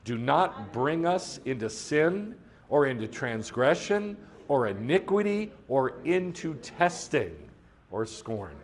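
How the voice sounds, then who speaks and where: Man, middle-aged, sermon, lively pitch, conversational, asks questions, recites Hebrew prayer. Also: slow. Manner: switches into Hebrew prayer lines. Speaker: congregation teacher.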